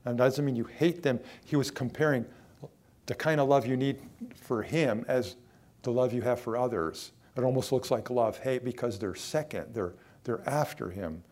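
An older male pastor preaches a sermon in a medium-pitched, darkish voice at a moderate pace. Plain-spoken and emphatic, he raises his volume to stress points and questions his flock directly in a conversational style.

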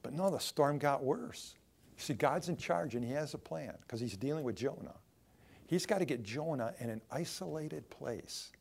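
A male pastor preaches a sermon conversationally, tossing rhetorical questions to the congregation as he goes. His voice is mid-range, creaky and a little mellow.

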